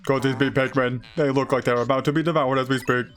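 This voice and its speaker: A man voicing a deep-voiced male ship's robot that talks in a stiff, formal, dutiful way. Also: fairly even intonation, fast talker, soft background music, lightly acted.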